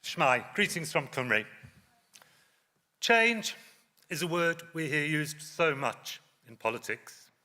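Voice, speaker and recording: A man from Wales giving an impassioned party leader's speech on stage, dropping his voice low for emphasis. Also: very animated, slow, long pauses, pushed and bright. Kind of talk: conference speech. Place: large conference hall on stage. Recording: long hall reverb.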